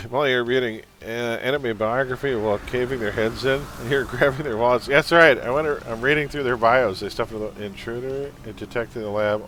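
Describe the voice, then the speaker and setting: A man's voice: mid-range voice, normal speed, fairly bright tone, a little hiss or hum. A man from Canada with a mild Canadian accent, chatting casually as he streams a game and reads its text aloud. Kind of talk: casual live-stream commentary.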